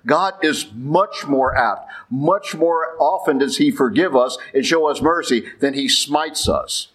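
A man's voice: fairly high pitch, a little slow, hardly any pauses, a bit bright, slightly rough, low-quality recording. A man preaching a sermon as a Catholic priest, talking conversationally with rhetorical questions and frequent check-ins with the congregation.

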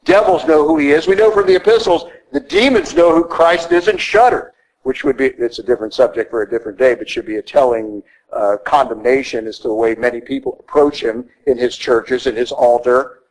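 A man preaching a sermon, emphatic and rhetorical, pushing his voice up high to stress key words. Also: steady tone, fairly quick, a little mellow, poor audio. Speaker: priest.

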